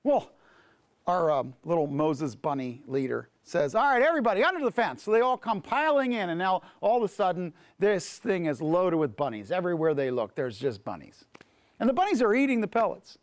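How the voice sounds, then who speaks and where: A male pastor teaching a Bible class tells a story with lots of animation, his fairly high voice swinging up and down. He often repeats words as he goes. The sound is dry and close. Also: sing-song, normal speed, dry recording.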